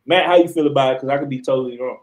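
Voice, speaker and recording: A man's voice: mid-range voice, racing, darkish tone, low-quality recording. Emphatic, profane man on a sports podcast. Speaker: podcast co-host. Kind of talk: casual sports chat.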